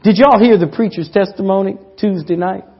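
High-voiced pastor guy preaching, goes big then drops real quiet, dull lo-fi church audio. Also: fairly quick, husky. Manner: swings between loud emphatic peaks and soft hushed asides. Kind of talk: sermon.

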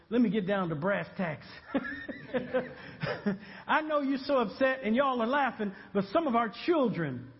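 A male pastor preaching a sermon, animated and humorous, building to shouts. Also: high voice, long reverb tail, lo-fi sound.

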